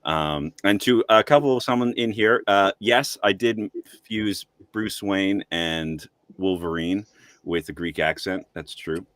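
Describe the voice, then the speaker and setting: A male voice actor chatting on a livestream over a video call, explaining things in a relaxed way. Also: low-pitched, a little slow, no echo. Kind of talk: livestream chat.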